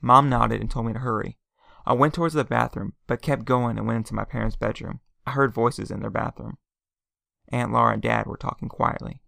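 A man narrating a first-person story in a quiet, plain storytelling manner. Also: medium pitch, steady tone, a little fast, vocal fry, no echo, clean studio sound.

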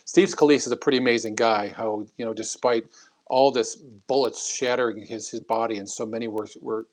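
A man, a former congressman, telling stories in an interview with an animated, anecdotal manner and frequent restarts. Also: lowish voice. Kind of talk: interview storytelling.

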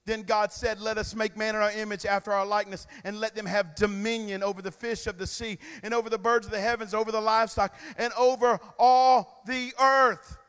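A man preaching a sermon, calling on the congregation to repeat after him, swinging between loud emphatic bursts and quiet asides. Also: high voice, little pitch movement, a little fast, few pauses, clear, resonant tone. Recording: long reverb of a large hall.

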